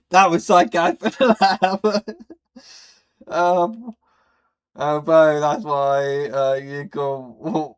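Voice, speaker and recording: A British man hosts a live stream in a loose, rambling way, answering viewers and dropping casual swears between plenty of fillers. He talks slowly, and his voice sits a touch high for a man. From Britain.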